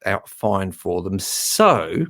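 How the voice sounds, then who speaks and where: A man's voice: low voice, very animated, takes it slowly, fairly bright tone. Chatty man hosting a live stream. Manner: chatty, slightly nervous, many fillers. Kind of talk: casual live-stream chat.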